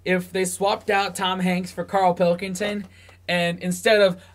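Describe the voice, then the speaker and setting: A man's voice: high-pitched, flat delivery, a little slow. An American man reacting to a comedy clip in casual chat, jokey and self-mocking. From United States. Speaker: reaction channel host.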